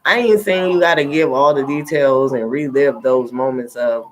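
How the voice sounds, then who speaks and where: A woman's voice: very deep voice, moderate pace. A middle-aged woman and tarot reader, talking in a casual livestream, blunt and profane as she preaches her advice.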